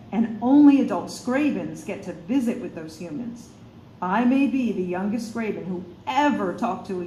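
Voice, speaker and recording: A woman author reading her own first-person storybook in a measured, expressive way, with a few small slips. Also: medium pitch. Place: studio for a radio show. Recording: roomy room, faint noise.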